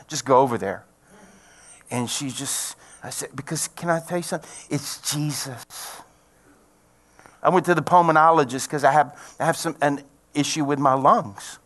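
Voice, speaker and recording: A middle-aged man preaching a sermon, telling a personal story in a folksy way and building to loud, excited preaching. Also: medium pitch, brisk. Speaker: pastor.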